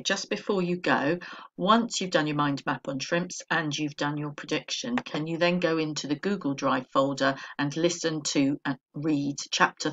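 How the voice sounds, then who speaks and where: Gravelly English woman teaching a lesson. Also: sits low, fairly bright tone. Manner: clear, patient, instructive. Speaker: primary school teacher. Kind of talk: recorded remote lesson.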